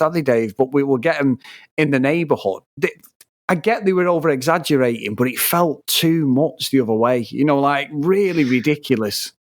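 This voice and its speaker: A man's voice: medium pitch, no echo, studio quality. English man in a stumbling casual chat. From England. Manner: stammers restarts and asks for agreement. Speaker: podcast co-host.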